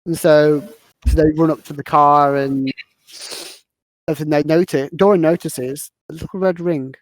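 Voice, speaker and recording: A woman with a deep voice hosts a podcast, casually recapping a movie's plot. She rambles through the scenes with plenty of fillers, her intonation fairly even and her pace moderate, on a dry recording.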